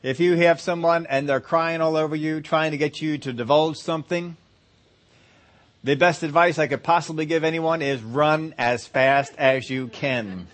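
A man's voice: on the high side, fairly even intonation, moderate pace. A man preaching a sermon. He talks conversationally, laughs easily and acts out little scenes. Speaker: pastor.

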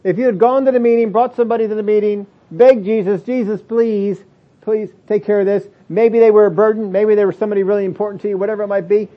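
A man's voice: sits high, steady tone, racing, hardly any pauses. A man preaching a sermon in a plain-spoken way, acting out the excuses people make in different voices. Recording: dull lo-fi audio recording.

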